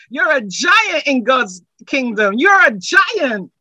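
A woman's voice: high voice, sing-song, takes it slowly, no echo, poor audio. A woman preaching a sermon, building from chatty asides to fervent, repeated declarations. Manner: rising to fervent shouts, repeating phrases.

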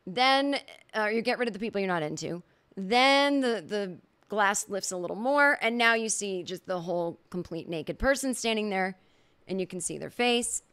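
A woman's voice: mid-range voice, lively intonation, normal speed, a bit bright, clean tone. A middle-aged woman hosting a podcast, telling a funny story in a casual monologue and acting out the quoted reactions. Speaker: podcast host.

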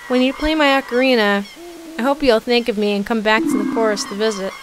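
A woman reading the lines of a sweet, gentle young forest girl saying goodbye, softly. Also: a little high, steady tone, brisk, heavy background noise, close to an everyday voice. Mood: tender.

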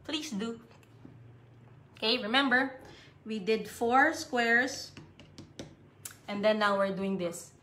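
A woman with a Filipino accent teaching young children a paper craft in a cheerful, slow, sing-song way. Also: a little high, a bit bright, a little hiss or hum. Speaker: preschool art teacher. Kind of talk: live-streamed craft lesson for children. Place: home on a live stream.

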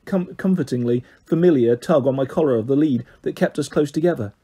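A man reading a children's story aloud in a lively, expressive way. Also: mid-range voice, brisk, breathy edge.

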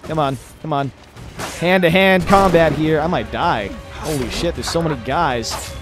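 A young man casually commenting over his own gameplay, chatty, swearing and reacting loudly to the fights on screen. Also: fairly high pitch, measured pace. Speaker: gamer doing a let's play. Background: game music and gunfire.

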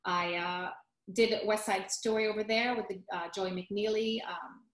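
A woman in casual interview chat, recounting her stage career with lively restarts. Her voice sits in a middle pitch. The room adds a noticeable echo. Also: unhurried. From United States. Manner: animated storyteller, acts out quotes, restarts often. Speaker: guest, musical theater actress.

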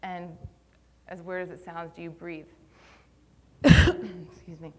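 This young conference speaker on posture and Pilates talks slowly in a fairly low, level voice. Her live talk in a conference room is conversational and a bit nervous, dotted with ums.

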